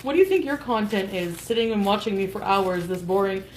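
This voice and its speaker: A woman's voice: mid-range voice, expressive, fairly quick, slight background noise, low-quality recording. A woman chatting casually on a cooking live stream, rambling and giggling between remarks. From Canada.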